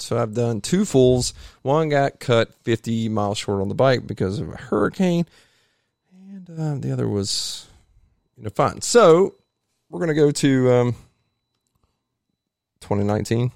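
A man, a triathlete guest, telling his stories in a rambling, animated way in a home garage. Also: medium pitch, gravelly, clear, resonant tone, no room sound, studio quality. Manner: rambling, animated storytelling with restarts. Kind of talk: casual storytelling interview.

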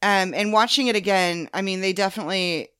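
A woman's voice: medium pitch, a little fast, fairly bright tone, clear, resonant tone, no echo, clean studio sound. A woman chatting casually on a podcast, talking freely with lots of "like" and "um". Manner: chatty, many fillers like "like" and "um". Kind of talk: casual chat.

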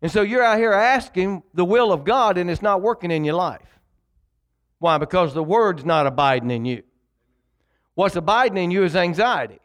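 A man's voice: sits high, lively intonation, normal speed, a bit bright. A male pastor preaching a sermon, emphatic and repetitive, calling on the congregation to read along. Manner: preaching with call-and-response to the congregation.

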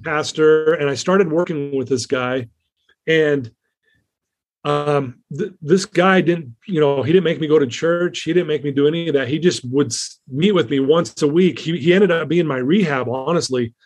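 A man speaking as an interview guest, slightly higher-pitched than most men. He tells his story earnestly and candidly, circling back with fillers and restarts as he goes. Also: normal speed.

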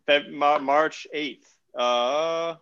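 A man's voice: fairly high pitch, fairly even intonation, drawn-out words, a bit bright, smooth, no echo. A man co-hosting a podcast, easygoing and joking, asking questions casually. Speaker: podcast co-host. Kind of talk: casual interview. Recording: dull, muffled sound.

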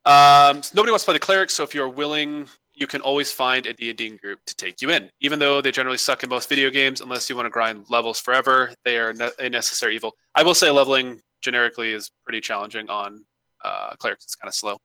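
A man co-hosting a podcast, reading listener emails and bantering in a joking, animated way. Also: mid-range voice, quick pace, clean tone, no room sound. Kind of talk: casual podcast chat. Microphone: home microphone on a remote call.

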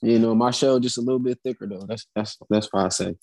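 A man's voice: mid-range voice, fairly even intonation, quick pace, mellow. A man on a podcast, talking in a joking, blunt, slangy way. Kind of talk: casual podcast chat.

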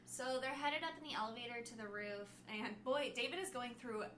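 A woman's voice: fairly high pitch, a little fast, a bit bright, a little hiss or hum. A young woman co-hosting a casual book podcast, playful and full of joking asides. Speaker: podcast co-host. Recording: echoey room.

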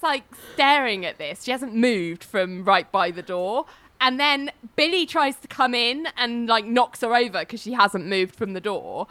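A woman's voice: on the high side, a bit bright. A woman, casually retelling a TV episode as a podcast host, acting out the characters' lines with laughs. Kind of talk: casual chat.

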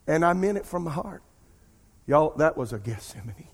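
A man's voice: on the high side, animated, moderate pace, gravelly, a little mellow, husky. A middle-aged man, preaching a sermon and addressing his congregation directly. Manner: preaching with call-and-response asides to the congregation. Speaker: pastor. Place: church sanctuary. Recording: long hall reverb.

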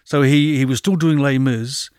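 A man who works as an osteopath and acupuncturist, telling anecdotes as a guest in a relaxed, chatty way. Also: mid-range voice, moderate pace, clear, resonant tone, no room sound, clean studio sound. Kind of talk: conversational anecdotes.

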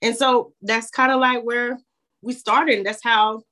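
A woman's voice: a little high, fairly even intonation, unhurried, sharp tone. A woman guest speaking earnestly and from the heart in a casual interview, with plenty of fillers. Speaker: guest, content creator.

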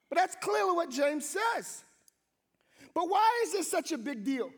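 A young male pastor whose voice sits unusually high. He preaches in a lively storytelling way and acts out quotes. Every so often he bursts into a shout to drive a point home. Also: a little slow. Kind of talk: sermon with comic storytelling.

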